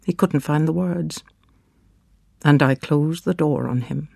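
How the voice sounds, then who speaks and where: Slow gravelly man narrating in hushed anguish. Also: on the high side, no room sound, clean studio sound. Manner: hushed, halting, anguished inner monologue. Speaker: first-person narrator and father. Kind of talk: dramatic storybook reading.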